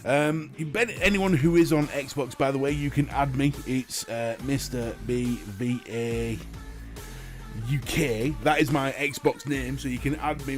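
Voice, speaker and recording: British male streamer, mid-pitched, easygoing and sweary, faint music underneath. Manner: chatty, swears freely, reads and answers chat. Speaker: livestream host. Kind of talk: casual live-stream chat.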